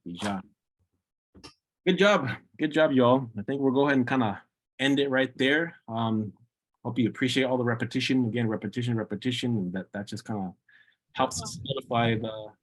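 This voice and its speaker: A man teaching an online language class over a video call, patiently repeating words slowly for practice. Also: medium pitch.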